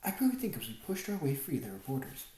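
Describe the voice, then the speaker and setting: A woman reading a first-person memoir as an audiobook narrator, expressive storytelling. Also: very deep voice, fast, reverberant, rough recording. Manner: expressive storytelling, wide swings in tone.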